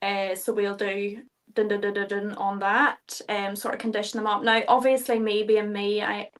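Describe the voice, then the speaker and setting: A woman's voice: medium pitch, little pitch movement, moderate pace. A young Irish woman, a fighter guest in an interview, talking casually, swearing freely and laughing often. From Ireland.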